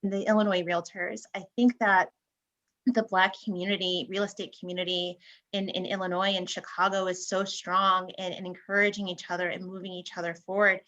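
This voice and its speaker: A woman's voice: medium pitch, little pitch movement, fairly quick, a bit bright, lo-fi sound. A woman speaking on a real estate panel, heartfelt and effusive, often restarting her sentences. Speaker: realtor panelist. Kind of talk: panel discussion.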